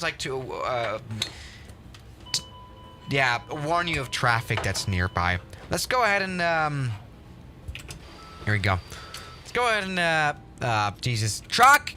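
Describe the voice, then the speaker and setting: A young man hosting a game livestream, chatting casually in an excitable, rambling and self-mocking way. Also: mid-range voice. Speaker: livestream host.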